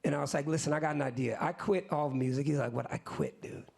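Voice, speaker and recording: A man's voice: a little high, fast talker, gravelly, slightly rough. A man in his fifties, a musician, telling a story on stage to an audience in casual, slangy talk, acting out what other people said in the conversations he recounts. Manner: animated, acts out other people's lines in quotes. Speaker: musician guest.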